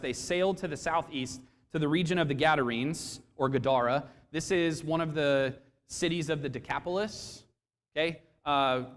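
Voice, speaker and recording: A man preaching a sermon to a congregation, expressive and questioning, acting out quoted voices as he goes. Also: on the high side, big-room sound. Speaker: pastor. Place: church sanctuary.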